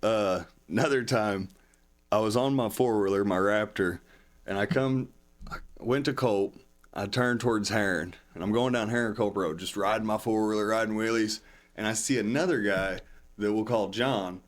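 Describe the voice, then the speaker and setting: A man spins a loose, rambling story in casual chat. His voice sits fairly low, and he jumps higher whenever he acts out someone else's lines. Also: normal speed. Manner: rambling, acts out other people's lines in a raised voice. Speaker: podcast guest.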